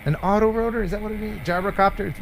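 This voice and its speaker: A man's voice: high-pitched, fast, slight background noise. A man hosting a casual live stream, joking and rambling with his co-hosts. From United States. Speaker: livestream host.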